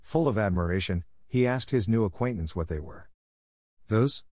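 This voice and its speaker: A man reading a classic children's story aloud as narrator, in a measured, even storytelling manner. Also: on the low side, no room sound, studio quality. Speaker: audiobook narrator. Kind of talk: storybook reading for English listening practice.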